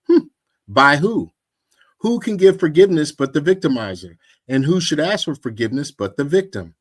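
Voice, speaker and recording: Animated preaching man, mocking tone. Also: a little high, normal speed. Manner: animated, mocking, mimics others' voices. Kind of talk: informal sermon with storytelling.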